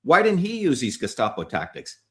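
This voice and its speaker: Furious ranting man, lively pitch. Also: brisk. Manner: heated, profane, combative, shouting at viewers. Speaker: livestream host. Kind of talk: angry livestream rant.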